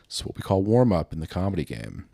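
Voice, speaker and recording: A deep-voiced man hosts his own podcast with no plan, wandering from one thought to the next and poking fun at himself. He sounds a little out of breath. His voice is close and dry, with almost no room sound. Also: big pitch swings, quick pace, vocal fry, mellow, dry recording. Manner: rambling, self-mocking, laughs at own jokes. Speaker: podcast host. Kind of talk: unscripted solo chat.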